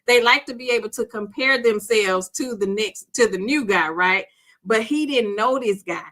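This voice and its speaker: Animated chatty woman telling a story. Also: a little high, normal speed. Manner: animated, chatty, laughs often, addresses listener as girl. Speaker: podcast host. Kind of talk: casual storytelling to women listeners.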